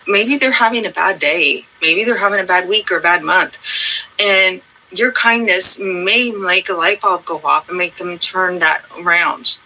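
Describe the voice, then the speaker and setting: A woman's voice: fairly low pitch, bright, forceful tone, poor audio. A woman hosting her own channel, chatting casually and earnestly to her viewers in a rambling, reassuring way. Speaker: channel host. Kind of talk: casual heartfelt chat to viewers.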